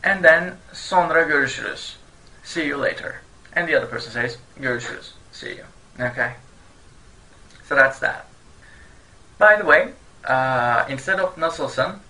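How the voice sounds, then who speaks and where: A man whose first language is Turkish, teaching an online language lesson in a cheerful way, often laughing and repeating phrases slowly for learners. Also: a little high, expressive, sharp tone, poor audio.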